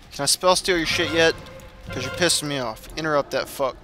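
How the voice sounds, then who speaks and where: A man's voice: on the high side, fairly quick, hardly any pauses, bright, forceful tone, a little hiss or hum. A man swearing and trash-talking through frustrated gameplay commentary. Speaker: gamer.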